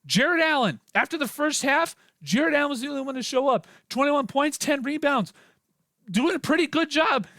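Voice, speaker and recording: A man ranting as a sports fan in a reaction video, heated and profane, repeating himself and building to shouts. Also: very high-pitched, expressive, moderate pace, dry recording, studio quality.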